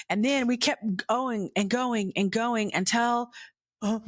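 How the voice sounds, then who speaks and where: Middle-aged woman, podcast host; animated rambling storyteller, dry voice with no room sound. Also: fairly high pitch, moderate pace, no echo. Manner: animated, rambling, acts out dialogue with whispered asides. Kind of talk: casual storytelling monologue.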